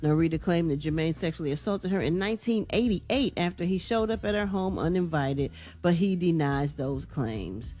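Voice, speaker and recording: A woman's voice: on the low side, normal speed, hardly any pauses, dark tone. A woman hosting an entertainment news segment on a morning radio show, chatty and casual. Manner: chatty, casual, uses "y'all".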